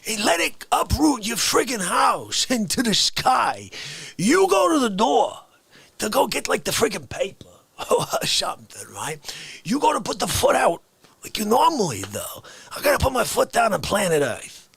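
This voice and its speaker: A man's voice: high-pitched, normal speed, vocal fry, breathy edge, no room sound. A man hosting a daily live variety show, chatting casually and jokily and laughing often as he wanders from topic to topic. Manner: animated, jokey, laughs often, drifts off topic. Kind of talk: casual livestream chat.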